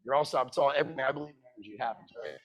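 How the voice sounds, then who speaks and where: A man's voice: medium pitch, rapid-fire, lo-fi sound, a crowd in the background. A middle-aged man telling a sales story at a conference, acting out every line of dialogue. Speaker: keynote speaker. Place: conference room.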